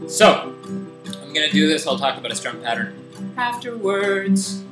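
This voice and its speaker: A young man casually teaching a guitar lesson in a relaxed, rambling, self-deprecating way, with guitar strumming behind him. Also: fairly high pitch, normal speed. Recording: echoey room with loud guitar.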